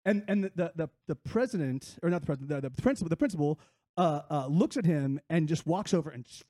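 Brief: quick halting storyteller, high voice, lots of restarts. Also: male voice, lively intonation, mellow, dry recording, studio quality. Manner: halting, many restarts and fillers. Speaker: joke teller among friends. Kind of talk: casual storytelling.

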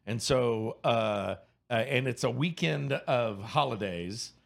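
A man in his fifties from Louisiana, telling a story in casual chat, animated, laughing and swearing freely. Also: medium pitch, a little slow, creaky. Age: 50s.

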